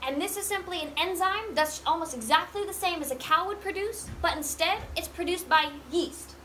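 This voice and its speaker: A woman's voice: very high voice, moderate pace, fairly bright tone, a little hiss or hum. A woman leading a guided tour on a cheese farm, chatty and quizzing her group with questions. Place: working cheese farm dairy.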